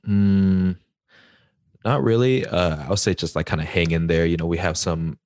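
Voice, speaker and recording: A man's voice: low voice, moderate pace, darkish tone, no echo, studio quality. A man co-hosting a podcast in loose, joking, teasing casual chat. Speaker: podcast co-host.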